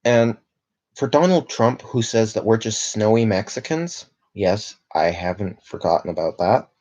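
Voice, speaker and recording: A man's voice: fairly low pitch, expressive, unhurried, darkish tone. A young man from Canada chatting casually on a livestream, rambling and reading viewer comments aloud with lots of fillers. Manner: rambling, reads chat aloud, filler-heavy.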